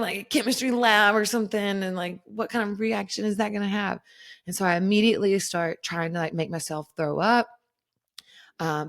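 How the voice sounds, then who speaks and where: A woman hosting a podcast, telling a personal story in a candid, casual way, swearing freely and laughing through it. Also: low-pitched. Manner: candid, swearing, laughing, animated when reliving a scare. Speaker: podcast host.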